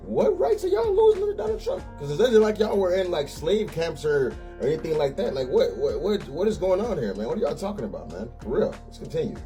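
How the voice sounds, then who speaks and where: A man's voice: fairly high pitch, warm tone. A man hosting a casual reaction video, commenting in a laid-back, dismissive way with chuckling asides. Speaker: host reacting to clips.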